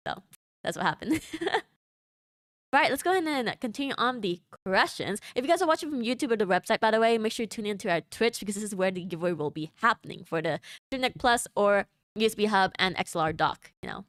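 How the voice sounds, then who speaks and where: A woman hosting a promotional livestream, energetic and chatty, talking straight to her viewers. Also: mid-range voice, fast, no echo, clean studio sound. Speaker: livestream host.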